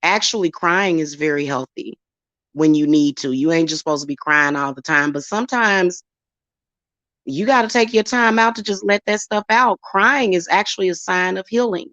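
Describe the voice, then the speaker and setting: A woman's voice: on the low side, normal speed, a bit bright, no echo, highs cut off. A woman, talking bluntly and emphatically as host of her own spiritual channel. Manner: blunt, emphatic, slips into acted quotes. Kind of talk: casual chat to camera.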